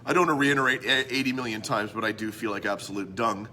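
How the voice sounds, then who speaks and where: A Canadian man hosting a rambling comedy show from a room, theatrical and self-mocking, swinging between loud bits and mumbled asides. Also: on the low side, fairly even intonation, fast, a little hiss or hum. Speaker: host. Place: indoor room.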